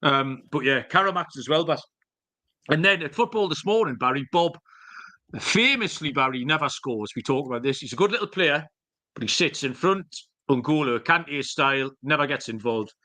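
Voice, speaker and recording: Bright-voiced man rambling. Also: fairly high pitch, lively intonation, normal speed. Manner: rambling, jokey storytelling with swearing. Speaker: podcast co-host. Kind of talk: casual chat.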